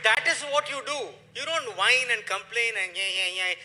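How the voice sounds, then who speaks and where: A middle-aged man giving a motivational business talk, emphatic and preachy, swinging between loud and hushed. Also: very high voice, expressive, normal speed, very noisy. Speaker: motivational speaker.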